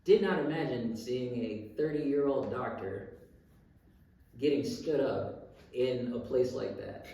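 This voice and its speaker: A young man co-hosting a podcast, telling stories in an animated, profane, casual way. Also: medium pitch, slow pace. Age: young adult. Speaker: podcast co-host. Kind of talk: casual chat. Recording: roomy, distant mic.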